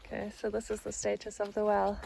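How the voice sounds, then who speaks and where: A woman's voice: medium pitch, monotone, fast, vocal fry, a little mellow, slight background noise. A woman chatting casually through a vlog, talking her camera through her garden, and baby-talking to her pets. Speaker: vlogger. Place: outdoors at a rural house and garden.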